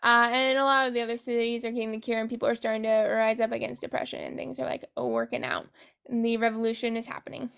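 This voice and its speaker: A woman's voice: a little high, lively intonation, fast talker, gravelly, a bit bright, smooth. A woman hosting a book podcast, recapping a novel in casual chat. She is sarcastic, swears freely and giggles at her own jokes.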